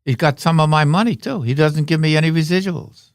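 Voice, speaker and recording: Older man, rambling storyteller, slightly high voice, dry close sound. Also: a little fast, no echo. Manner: rambling, anecdotal, telling jokes. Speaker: guest. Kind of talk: casual storytelling. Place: podcast studio.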